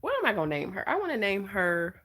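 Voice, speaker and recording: A woman with a Southern American accent from Georgia, hosting a casual live-stream chat in an animated, expressive voice. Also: mid-range voice, fast. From Georgia, USA. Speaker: vlogger, host.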